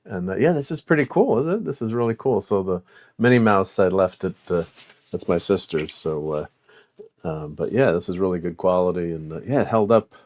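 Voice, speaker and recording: Middle-aged male toy collector, slightly low voice, loose rambling delivery full of "uh"s and chuckles; portable mic. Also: animated, brisk, a little mellow. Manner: rambling, many fillers, chuckling. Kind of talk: casual unboxing chat.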